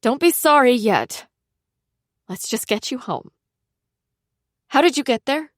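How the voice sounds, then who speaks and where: A woman voicing a practical young woman friend who talks briskly and takes charge, in an audiobook. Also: mid-range voice, clean tone, no echo, studio quality, close to an everyday voice. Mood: urgent, practical. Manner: brisk, steady, taking charge.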